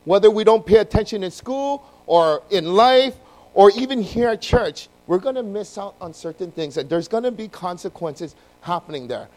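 A man preaching a sermon to his congregation, telling the story in an animated way and acting out the voices. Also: high voice, moderate pace, rough recording. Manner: addresses congregation directly. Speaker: pastor.

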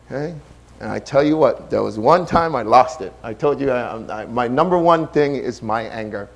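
A man's voice: mid-range voice, expressive, moderate pace, vocal fry. Impassioned male pastor preaching. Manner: impassioned, shifts between hushed and loud. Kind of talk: sermon.

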